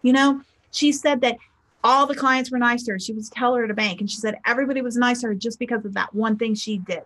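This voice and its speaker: Chatty woman spiritual teacher, higher voice. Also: steady tone, fast talker, a bit bright. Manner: chatty storyteller, acts out quotes. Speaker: spiritual teacher and life coach. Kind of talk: motivational talk with client stories.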